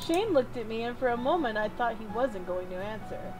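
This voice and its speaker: A woman's voice: on the high side, lively intonation, brisk, music in the background, rough recording. A woman reading a visual novel aloud as co-host, giggly and casual. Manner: giggly, reads narration aloud.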